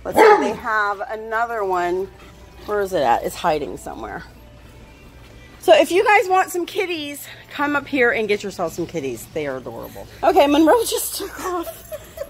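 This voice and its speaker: A woman's voice: very animated, normal speed, soft background music. A woman vlogging a trip to a pet store, talking cheerfully to her dogs and her viewers. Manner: cheerful, fond, talks to her dogs in a high voice. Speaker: vlogger, dog owner. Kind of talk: casual pet vlog narration.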